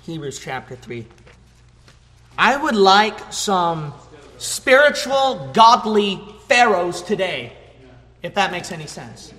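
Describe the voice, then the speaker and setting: A male preacher delivering a fervent sermon, high and bright in tone, building from quiet talk into shouted emphasis. His voice rings through a church hall with long, echoing reverb. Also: big pitch swings, slow pace.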